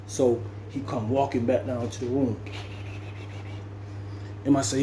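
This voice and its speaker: A man's voice: medium pitch, flat delivery, unhurried, pauses often, dark tone, slight background noise. A man from Jamaica telling a story in a slangy, loose, rambling conversational way. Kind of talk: casual storytelling.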